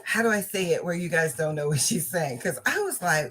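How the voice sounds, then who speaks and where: A woman's voice: on the low side, expressive, fairly quick, few pauses, fairly bright tone, slightly rough, rough recording. A woman hosting a crafting channel, telling a casual story and often laughing while she talks.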